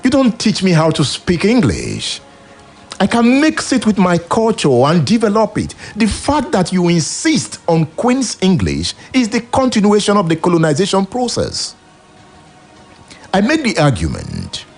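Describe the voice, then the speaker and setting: Emphatic Nigerian radio host with a gravelly voice. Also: male voice, high voice, wildly swooping pitch, measured pace, soft background music. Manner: preachy, emphatic, rhetorical questions. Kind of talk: opinionated radio commentary.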